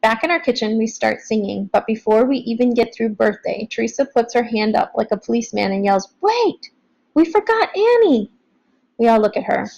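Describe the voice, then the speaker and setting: Woman, audiobook narration, slightly high, gravelly fry, steady. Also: a little fast, hardly any pauses, muffled recording. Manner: plain, steady storytelling. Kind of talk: first-person novel narration.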